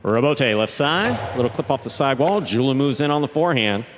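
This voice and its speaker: A man calling live play-by-play, his voice leaping up on exciting plays and settling back to explain them. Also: medium pitch, a little fast, noisy background. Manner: animated, voice jumps up on exciting plays. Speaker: play-by-play commentator. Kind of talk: live sports commentary.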